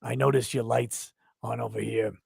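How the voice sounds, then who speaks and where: A man putting on a grumpy middle-aged cartoon neighbor, with a flat, deadpan grumble. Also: mid-range voice, normal speed, vocal fry, slightly rough, no echo, studio quality, voice pushed down, heavily acted. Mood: irritated.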